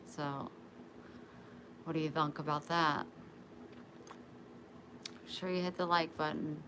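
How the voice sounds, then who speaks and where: A woman's voice: sits low, steady tone, takes it slowly, pauses often. A middle-aged woman hosting a casual livestream from a living room on a phone, chatting and greeting her viewers by name. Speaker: livestream host. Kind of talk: casual live-stream chat. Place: living room in a home, indoors. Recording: noisy home livestream.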